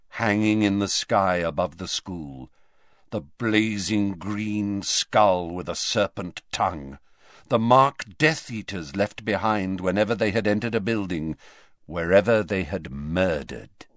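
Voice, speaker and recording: A man narrating a fantasy novel in an expressive, dramatic reading. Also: low-pitched, slow pace, no echo, studio quality. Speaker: audiobook narrator.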